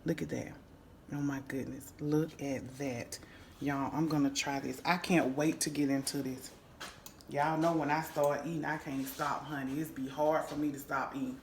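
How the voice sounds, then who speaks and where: Woman cooking host, low voice, chatty and savoring, roomy echo in a home kitchen. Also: steady tone, normal speed. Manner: chatty, savoring aloud with lots of hums and "y'all". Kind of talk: casual cooking vlog, tasting food on camera. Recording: echoey room with faint noise.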